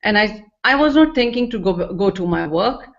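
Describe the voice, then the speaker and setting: A woman's voice: mid-range voice, animated, moderate pace, vocal fry. A woman sharing a personal experience in earnest, emotional testimony, with non-native English phrasing. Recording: dull lo-fi recording.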